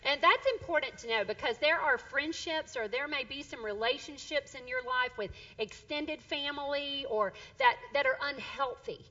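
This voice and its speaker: A middle-aged woman preaching with a high, bright voice that carries a story along with animated energy and ready laughter. The recording sounds dull and lo-fi. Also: normal speed, hardly any pauses. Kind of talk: sermon.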